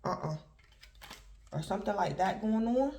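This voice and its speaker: A woman's voice: medium pitch, moderate pace. A woman giving a casual tarot reading to her viewers, talking in a loose, repetitive, conversational way. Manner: repetitive, conversational, keeps addressing the collective. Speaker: tarot reader.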